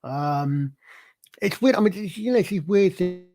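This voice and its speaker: A man's voice: sits high, lively intonation, moderate pace, dark tone. A man hosting a casual live-stream discussion, rambling with many restarts and fillers. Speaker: stream host.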